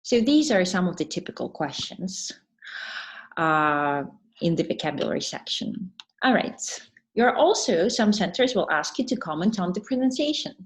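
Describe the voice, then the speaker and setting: A woman teacher trainer giving an online webinar lesson, explaining patiently and pausing to read answers from the chat. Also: fairly low pitch, lively intonation.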